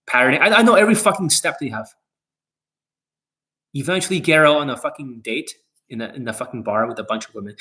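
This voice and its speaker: A man's voice: medium pitch, fairly bright tone. A man who coaches dating, talking to camera in a blunt, boastful monologue full of swearing.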